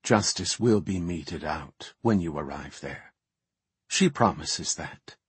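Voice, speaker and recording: A man's voice: low voice, lively intonation, slow, slightly rough, no echo, full character voice. A man voicing a slim, terse female elf guide who speaks curtly.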